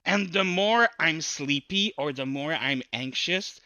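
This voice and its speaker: A man's voice: fairly high pitch, lively intonation, bright, forceful tone, no room sound, clean studio sound. A man with a French accent, guest on a podcast, chatting casually and searching for words. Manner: halting, searching for words, playful. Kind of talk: casual chat.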